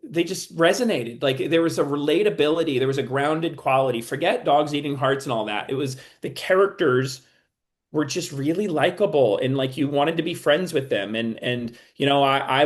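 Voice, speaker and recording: A man's voice: medium pitch, moderate pace. A man being interviewed as a TV writer and producer, talking casually and often stopping and restarting while he thinks.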